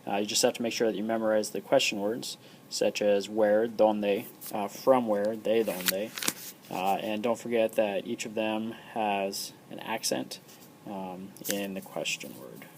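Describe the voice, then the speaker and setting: A man's voice: on the low side, measured pace, noisy background. A man giving a casual recorded lesson, explaining step by step with many ums and uhs. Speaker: teacher.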